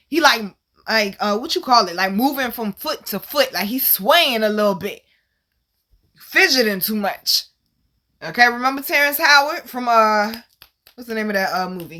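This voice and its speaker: Woman, fairly high-pitched, brash storyteller voice. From Virginia, USA. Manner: animated, profane, laughing, acts out the people in her story. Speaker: channel host telling a personal story. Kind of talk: casual storytelling.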